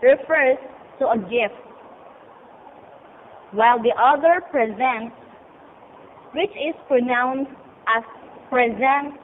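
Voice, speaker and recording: A woman reads a lesson slowly and carefully, pausing between phrases. Her voice sits fairly high, and it sounds tinny and thin, like a phone line, with faint noise underneath. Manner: careful, halting reading. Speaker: student presenter. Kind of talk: slow read-aloud lesson.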